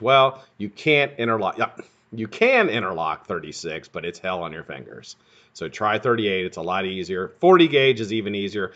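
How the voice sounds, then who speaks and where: A man's voice: deep voice, pushed and bright, dull audio. Joking, profane male live-stream host. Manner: profane, joking, boastful banter. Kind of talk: casual live-stream chat.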